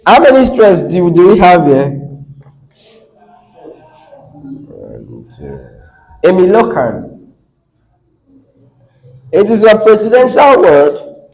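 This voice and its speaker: A man's voice: sits high, wildly swooping pitch, slow pace, vocal fry, pauses often, darkish tone, rough recording. A man with a Nigerian English accent teaching a classroom lesson on word stress, coaxing the class, repeating words and asking questions.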